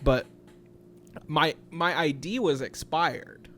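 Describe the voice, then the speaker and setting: A young man co-hosting a podcast, telling a story in a casual, profane, animated way. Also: a little high, slow, a little hiss or hum. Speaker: podcast co-host.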